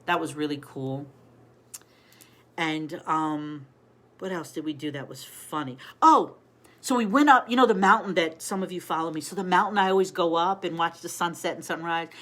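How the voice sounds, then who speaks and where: Chatty grandmother, lowish woman's voice. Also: moderate pace, a bit bright. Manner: chatty storyteller, greets viewers by name. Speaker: live-stream host. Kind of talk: casual live-stream chat.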